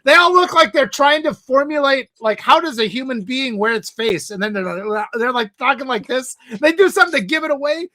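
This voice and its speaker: A woman co-hosting a casual chat, talking in a rambling, animated way and laughing often. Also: high voice, fairly quick, few pauses.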